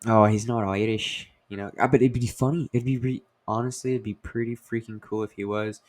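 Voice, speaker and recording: A man's voice: on the low side, steady tone, brisk, a little mellow. A young man as host, talking in a meandering casual monologue full of fillers and self-corrections. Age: young adult. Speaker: comedian host.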